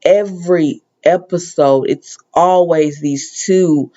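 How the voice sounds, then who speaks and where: A woman's voice: low-pitched, slow, dark tone, dull audio. A woman hosting a casual TV episode recap, talking in a rambling way with lots of ums and restarts, plus the odd exasperated aside. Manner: conversational, sometimes exasperated asides. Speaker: TV recap host.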